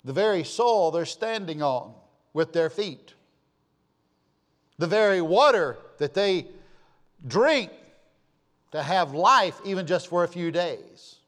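A man's voice: high-pitched, expressive, slow, pauses often, a bit bright. A man preaching a sermon, emphatic and fond of repeating his key phrases. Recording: long hall reverb.

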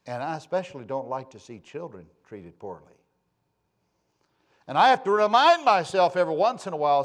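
A man preaching a sermon, shifting between loud, emphatic passages and quiet, low asides, with a folksy storytelling manner. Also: very animated, a little fast. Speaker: pastor.

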